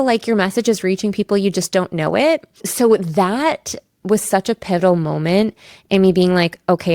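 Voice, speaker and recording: A Canadian lawyer in her thirties, appearing as a podcast guest, tells candid, emotional personal stories in casual chat full of "like." Her fairly low, slightly mellow voice is captured in clean studio sound with no room sound.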